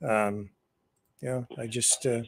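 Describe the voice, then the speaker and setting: A man's voice: mid-range voice, level tone, slow, creaky, dry recording. Easygoing man with dry humor. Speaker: host. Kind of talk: casual chat.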